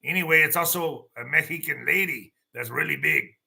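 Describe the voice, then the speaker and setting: A man's voice: fairly high pitch, normal speed, gravelly, bright, forceful tone. A man hosting a casual news commentary show, reading stories aloud and riffing in a loose, joking way. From El Paso, Texas. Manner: loose and jokey, mixing in put-on voices.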